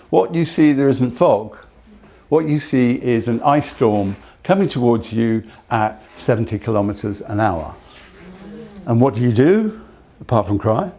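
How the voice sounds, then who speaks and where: An older man giving a talk, telling personal stories in a halting way with frequent restarts. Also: medium pitch, mellow.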